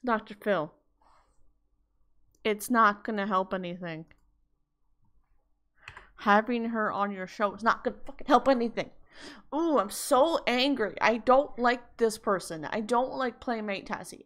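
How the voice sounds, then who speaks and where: A woman's voice: mid-range voice, moderate pace, a bit bright. A woman vlogger in a heated, blunt rant, swearing freely as she talks to her viewers. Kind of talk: angry vlog rant.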